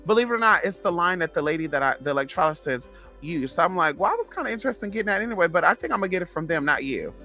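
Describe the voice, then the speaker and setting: A woman in her thirties telling a sassy, profane storytime in casual vlog chat, animated and gossipy. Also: on the low side, rapid-fire, faint music behind. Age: 30s. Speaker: vlogger.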